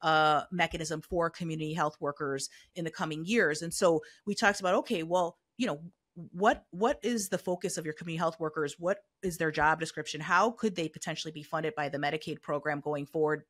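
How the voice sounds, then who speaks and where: A woman's voice: sits low, a little fast, fairly bright tone, no room sound, studio quality. A middle-aged woman, a health equity consultant, explaining her views as an interview guest in a thoughtful way, often saying "you know". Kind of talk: conversational expert interview.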